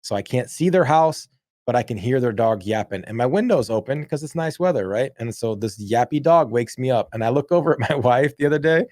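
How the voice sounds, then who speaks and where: A man's voice: mid-range voice, animated, fairly quick, darkish tone, no room sound, studio quality. A man co-hosting a podcast in casual chat, ranting with exaggerated complaints. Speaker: podcast co-host.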